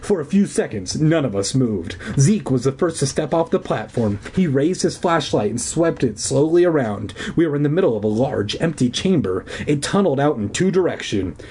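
A man's voice: mid-range voice, big pitch swings, normal speed, hardly any pauses, warm tone, a little hiss or hum. A man reading a spooky children's story aloud casually, with a sore throat. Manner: casual, swears in asides. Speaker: reader.

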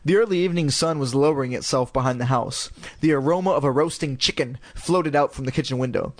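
A man narrating a storybook in parody, with deadpan crude ad-libs. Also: mid-range voice, fast, no echo.

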